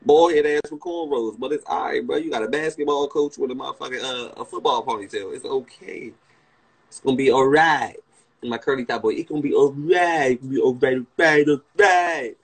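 A man's voice: mid-range voice, fairly quick, slightly rough, rough recording. A young man with a Washington DC area accent, talking on a livestream, brash and profane, mocking a guest. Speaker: livestream host. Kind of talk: casual livestream chat, roasting a guest.

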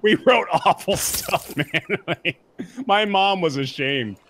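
A man's voice: sits high, expressive, slow, fairly bright tone, slight background noise. A man from Massachusetts, joking and teasing his friends in a casual gaming chat. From Massachusetts, USA.

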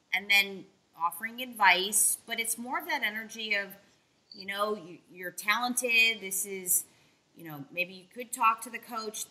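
A woman's voice: medium pitch, bright, forceful tone, rough recording. A woman hosting a talk show, speaking in an emphatic, encouraging way to her guest. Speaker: host. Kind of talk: casual interview talk.

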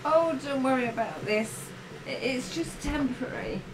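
Brief: an actress as an elderly mum, anxious and pleading, voice on the high side. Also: female voice, moderate pace, noisy background, close to an everyday voice. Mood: evasive, pleading. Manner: soft, fretful and pleading. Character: anxious elderly mother in debt. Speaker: actress in a student short film. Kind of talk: low-budget film acting.

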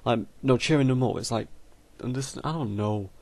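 A man's voice: medium pitch, moderate pace, vocal fry, a little mellow. A man sits at his computer with a headset mic, narrating his gameplay in a casual, chatty way. He gets exasperated, swears mildly and talks straight to the characters on screen. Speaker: gamer doing a let's play.

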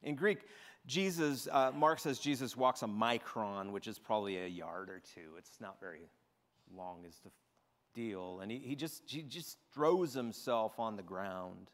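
A man, a pastor, preaching a sermon and retelling scripture with expressive storytelling. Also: lowish voice, measured pace, long reverb tail. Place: church sanctuary.

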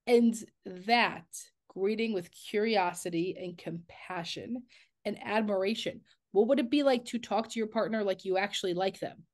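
A woman's voice: mid-range voice, normal speed. A woman therapist co-hosting a podcast, talking frankly with casual swearing and lots of "like". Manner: candid and blunt, swears casually, many "like" fillers.

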